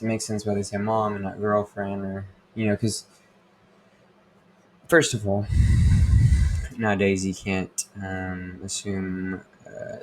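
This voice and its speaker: On a casual podcast, a young male host with a lowish voice rambles through a crude monologue, swearing freely and using lots of fillers. A faint hiss or hum sits under the recording.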